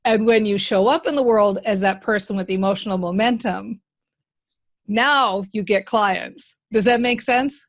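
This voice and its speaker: A woman's voice: medium pitch, unhurried. A woman hosting a podcast, coaching her guest with enthusiasm and encouragement, often repeating key phrases. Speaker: podcast host and mindset coach. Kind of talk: coaching conversation.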